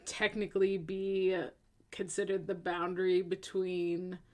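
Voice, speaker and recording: A woman co-hosting a podcast in a relaxed, chatty way. Her voice sits a bit low, and she explains things at length, leaning on fillers and asking "right?" as she goes. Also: a little slow. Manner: chatty, explains with many fillers and tag questions. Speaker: podcast co-host. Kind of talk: casual chat. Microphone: earphones in.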